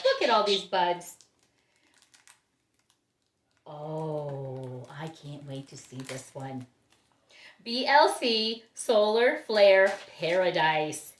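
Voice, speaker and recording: Unboxing plants, this Ohio woman, an orchid grower and vlogger, chats casually, gushes, laughs a lot and gasps with delight. She has a medium-pitched voice with a roomy sound.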